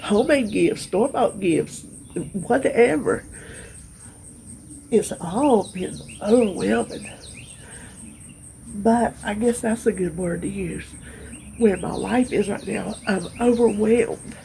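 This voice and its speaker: A woman's voice: mid-range voice, creaky, warm tone, slight background noise. A middle-aged woman, rambling and emotional as she chats to her viewers, sounding tired. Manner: rambling, emotional, drawn-out pauses. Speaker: vlogger. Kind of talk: casual rambling chat to viewers.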